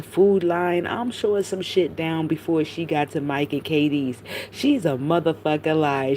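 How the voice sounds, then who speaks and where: A woman's voice: on the low side, slight background noise. A woman in casual live-stream commentary, telling rambling stories to her chat with heavy profanity. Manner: profane, animated, rambling storytelling.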